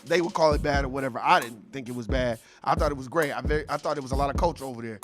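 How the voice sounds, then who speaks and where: A man telling a story in an animated, profane, streetwise casual rant. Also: medium pitch, rapid-fire, music in the background. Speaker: show host.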